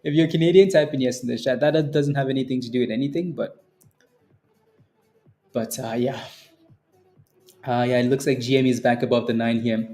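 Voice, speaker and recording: Faint music plays behind this stock trading streamer, a young adult man with a mellow, steady, medium-pitched voice who talks fairly quickly but pauses often. He casually reads the chat, teases viewers, laughs often and repeats phrases.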